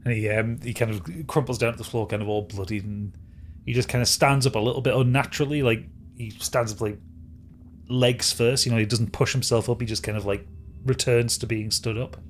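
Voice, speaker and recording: A man's voice: mid-range voice, steady tone, brisk, a little hiss or hum. A British man running a tabletop game as game master, describing the scene in a loose, rambling way. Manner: loose, rambling, many restarts.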